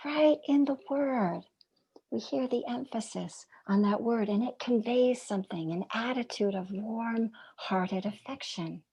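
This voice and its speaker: This meditation teacher's voice is a little high and slightly rough. During her reflective dharma talk she speaks in a gentle, measured manner, asking rhetorical questions and softening some phrases until they're almost whispered.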